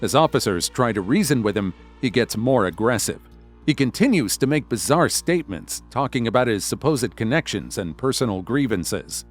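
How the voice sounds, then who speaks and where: A man giving scripted, even voice-over narration of a police video. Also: mid-range voice, normal speed. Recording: voice-over with faint music.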